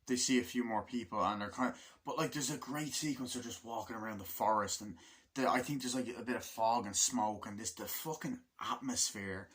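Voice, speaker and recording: A man's voice: on the low side, fairly quick, fairly bright tone. A man talks through a war film in a loose, unscripted monologue. He rambles and swears constantly, and fills his sentences with ums and likes. He laughs easily as he goes. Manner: rambling, full of fillers and profanity, laughs often. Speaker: film reviewer. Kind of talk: casual film review monologue.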